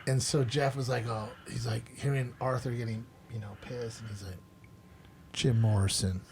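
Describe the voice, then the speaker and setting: A middle-aged man hosting a podcast, telling stories in a loose, animated way and acting out the voices of people he quotes. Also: medium pitch, normal speed, a crowd in the background. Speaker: podcast host. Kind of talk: boozy casual storytelling.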